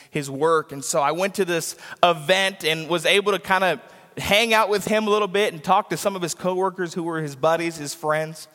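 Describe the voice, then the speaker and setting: A man's voice: a little high, a bit bright. A man preaching a sermon as a pastor, driving points home with repetition and acting out the people he quotes. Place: church sanctuary. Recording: church hall reverb.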